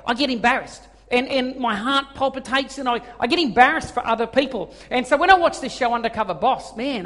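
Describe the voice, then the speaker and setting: High-voiced pastor in a hall. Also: male voice. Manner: animated storytelling with acted-out quotes. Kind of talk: sermon. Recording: long hall reverb.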